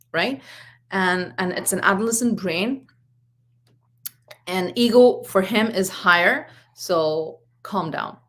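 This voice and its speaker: A woman in her forties, a parenting coach, giving a live talk and telling stories from home with quoted exchanges. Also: medium pitch. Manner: earnest, storytelling with acted quotes.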